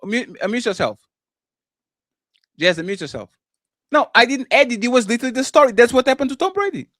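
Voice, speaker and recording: A man's voice: very high voice, big pitch swings, a little fast, fairly bright tone, dry recording, clean studio sound. A man co-hosting a heated panel debate over a video call, insistent and cutting in by repeating the other panelist's name. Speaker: co-host.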